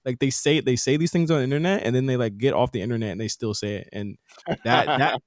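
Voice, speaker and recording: A man's voice: mid-range voice, fast talker, no echo, studio quality. A man hosting a casual chat podcast, talking animatedly in slang and laughing often. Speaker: podcast host.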